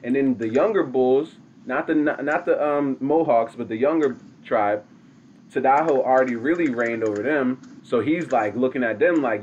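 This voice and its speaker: A man casually retelling a story aloud, animated and slangy, calling out to his listeners. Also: medium pitch, moderate pace, lo-fi sound, slight background noise.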